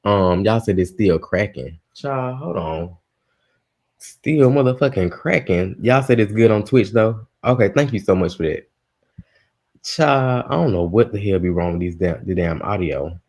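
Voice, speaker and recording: A man's voice: low voice, fairly quick, hardly any pauses, darkish tone, breathy edge. A man hosting a live gossip stream, chatting casually with his listeners, exasperated and swearing freely. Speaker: host of a live gossip show.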